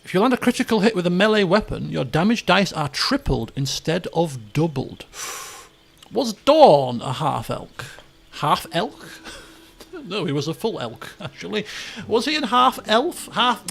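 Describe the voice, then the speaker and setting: A man's voice: high-pitched, very animated, normal speed, gravelly, a bit bright. A young adult man streaming a game, chatting and musing aloud in a jokey, casual way.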